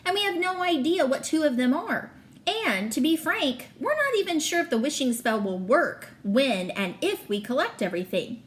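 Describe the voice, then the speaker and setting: A woman's voice: sits high, very animated, moderate pace. A woman reading aloud as a worried, argumentative young boy, one of twins. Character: anxious young boy, twin brother.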